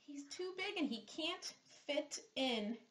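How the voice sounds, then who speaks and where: Slow, high-voiced woman reading aloud. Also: animated, background noise. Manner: slow, exaggerated sound modeling with questions to the listener. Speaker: children's therapist. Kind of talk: reading a picture book aloud to young children. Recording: roomy echo.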